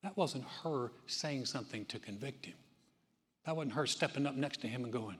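A man's voice: mid-range voice, normal speed, a bit bright, slight background noise. A man preaching a sermon as pastor in a church, telling stories in a conversational way with frequent restarts. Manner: conversational storytelling with many restarts. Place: church sanctuary. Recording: long reverb of a church hall.

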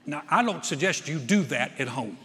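A man preaching a sermon as pastor, swinging from loud emphatic surges down to quiet, soft-spoken stretches. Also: on the high side, lively intonation, normal speed. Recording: long hall reverb.

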